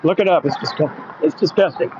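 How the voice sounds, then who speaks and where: A man from Oklahoma talks casually as he walks a residential street at night, reading out viewer comments with a wry, joking tone. His voice sits a little high for a man. The phone audio is slightly dull, with faint outdoor noise behind him. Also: fairly quick. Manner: chatty, wry, reads viewer comments aloud. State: a bit out of breath walking uphill. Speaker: vlogger reading live chat. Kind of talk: casual live-stream chat while walking.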